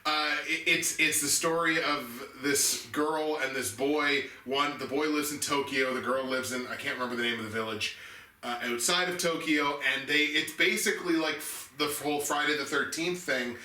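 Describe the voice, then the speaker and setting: A man co-hosting a casual movie chat, excitable and laughing, with many restarts. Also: fairly high pitch, normal speed, roomy sound, distant mic, rough recording. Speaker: podcast co-host ranking movies.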